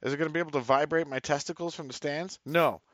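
A man co-hosting a podcast, trading crude, mocking, deadpan quips in casual banter. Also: a little high, fast talker, no room sound. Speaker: podcast co-host. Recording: dry, dull lo-fi mic.

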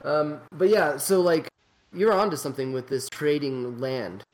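Giggly higher-voiced man on a call. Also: unhurried, low-quality recording. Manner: giggly, swearing, joking. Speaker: streamer, co-host. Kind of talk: casual chat. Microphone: online call mic with audio glitches.

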